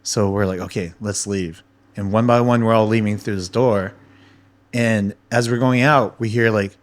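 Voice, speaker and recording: Animated man swapping wild stories. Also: fairly low pitch, moderate pace. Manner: animated, swears freely, acts out quotes. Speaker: podcast guest. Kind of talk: casual storytelling chat.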